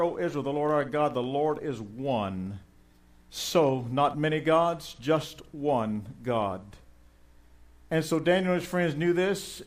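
Pastor preaching with rising fervor. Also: male voice, on the high side. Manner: conversational preaching that swells into fervent emphasis. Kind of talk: sermon.

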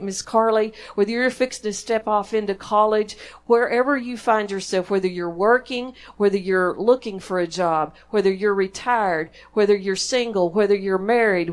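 A woman with a Texan drawl delivers a sermon from the front of a church. She talks in a warm-hearted conversational way, tossing questions out to the congregation. Her voice sits in a middle register for a woman. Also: mid-range voice, moderate pace, hardly any pauses. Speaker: preacher. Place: church sanctuary.

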